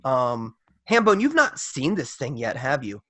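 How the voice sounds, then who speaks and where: A man's voice: mid-range voice, sing-song, measured pace, pushed and bright, no room sound. A man narrating as game master in a tabletop role-playing game, describing the action vividly.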